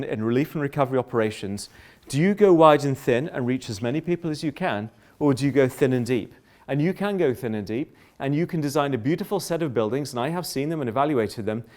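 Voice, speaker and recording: A middle-aged man giving a public lecture, polemical and lively, often breaking off into asides and restarts. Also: medium pitch. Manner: animated, polemical, self-interrupting with asides.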